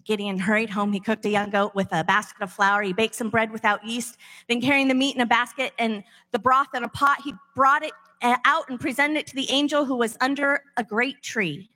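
A woman's voice: on the high side, steady tone, brisk, sharp tone. A woman preaching a sermon in a casual, conversational way, retelling bible stories with acted voices. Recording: long echo of a large hall.

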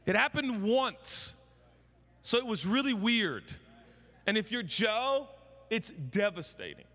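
A male pastor giving a sermon, telling the story with comic, animated energy in a large church hall with long reverb. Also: high-pitched, slow.

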